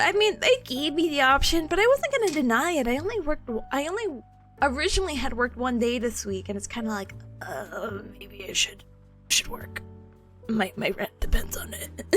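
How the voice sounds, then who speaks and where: A woman's voice: sits high, big pitch swings, measured pace, a bit bright, faint music behind. A young woman from the southern United States, chatting casually with her live chat as a streamer, giggly and playful.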